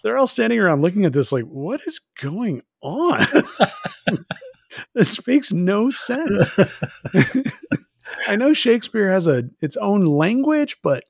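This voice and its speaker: A man's voice: high voice, sing-song, takes it slowly, vocal fry, pauses often, no room sound. A man co-hosting a podcast, riffing with sarcastic asides and mock quotes in casual chat. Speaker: podcast co-host.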